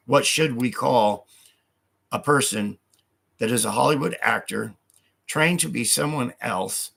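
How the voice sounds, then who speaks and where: A man's voice: mid-range voice, a little slow, vocal fry, fairly bright tone, husky. A man on a live stream who reads hostile comments aloud and answers them in an angry, profane rant, speaking of God with heavy conviction.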